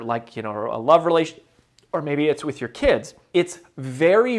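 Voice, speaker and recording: A man giving advice as a motivational speaker, emphatic and repeating key phrases, moving between loud and soft delivery for effect. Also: a little high. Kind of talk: direct-to-camera advice talk.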